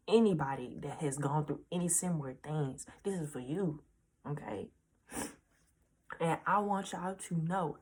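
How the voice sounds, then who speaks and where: A 19-year-old woman vlogger tells a heartfelt storytime to her viewers, earnest yet casual, using slangy speech and repeating reassurances. Her voice sits low and a little mellow, with a breathy edge.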